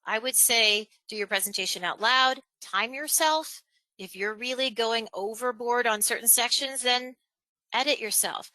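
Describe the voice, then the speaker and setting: A woman presenter leads a virtual training session on a video call, talking energetically and putting emphasis on her key points. Her voice sits a little high and bright, and the close mic sounds dry. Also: a little slow, dry recording, low-quality recording. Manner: energetic, emphatic, varies tone and pace on purpose. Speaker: webinar presenter.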